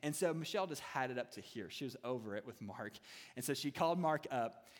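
A man's voice: medium pitch, animated, brisk. A man preaching a sermon as a student ministry pastor, with playful humorous asides. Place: church hall. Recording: reverberant hall.

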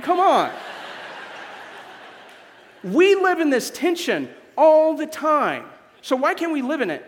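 A young adult man from Missouri preaching a sermon as a guest speaker, animated and joking with the congregation. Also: high voice, in a large hall. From Missouri, USA. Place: church sanctuary.

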